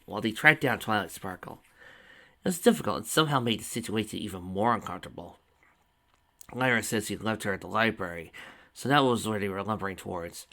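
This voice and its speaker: Brief: male story reader, low-set voice with a bright, tense edge, steady delivery. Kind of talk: reading fan fiction aloud.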